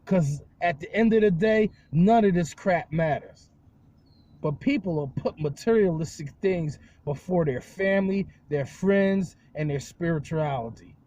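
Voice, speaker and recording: A man vlogging outdoors, telling a rambling, jokey story in a casual, animated way. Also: a little high, measured pace. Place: outdoors on a windy day.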